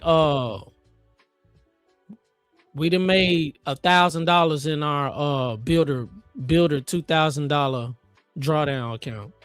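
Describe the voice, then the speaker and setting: A man hosts a live futures trading stream, talking at a fairly high pitch. He coaxes and pleads with the market in an excitable, chatty way and keeps calling on viewers. The sound is dry and close, with faint music underneath. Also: no echo. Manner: chatty with viewers, asks for likes. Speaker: livestream host and futures trader.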